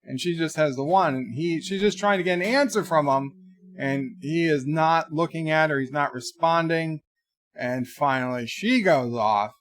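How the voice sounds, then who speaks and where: On a live stream from home, a man chats casually, reading chat messages aloud and spinning a rambling story with many restarts. His voice sits on the high side with a fairly bright tone, moving at a moderate pace, and there's no echo.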